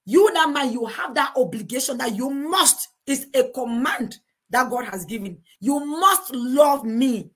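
A woman's voice: high voice, expressive, normal speed, fairly bright tone, breathy edge. A middle-aged woman, giving earnest, preachy marriage advice full of rhetorical questions. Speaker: co-host of a couples talk show. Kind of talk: preachy advice talk to a live chat.

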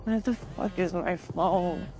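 A woman's voice: fairly low pitch, fairly even intonation, slow pace, dark tone, a little hiss or hum. A woman acting in a music video as a young partygoer, speaking in a dry, offhand way.

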